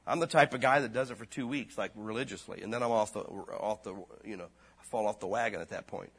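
A pastor preaching a sermon in a casual, slangy way, his voice dropping low and then rising loud. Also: fast, breathy edge.

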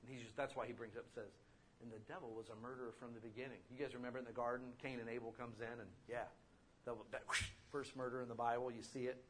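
A male pastor preaching a sermon in a conversational, animated way, asking the congregation rhetorical questions. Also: medium pitch, fast, a little hiss or hum.

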